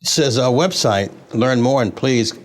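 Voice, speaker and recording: A man hosting a TV talk show, talking in a halting way with many fillers and restarts. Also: mid-range voice. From United States. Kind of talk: casual interview talk.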